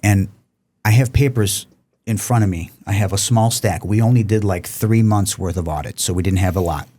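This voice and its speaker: A man, a podcast guest, telling a long personal story in an animated, profane way, often repeating words. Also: on the low side, normal speed. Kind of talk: casual storytelling.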